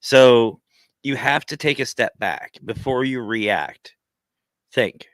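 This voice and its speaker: A man hosting a casual livestream chat, talking earnestly and giving advice in a steady lecturing way. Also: mid-range voice, slow, no echo. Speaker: podcast host.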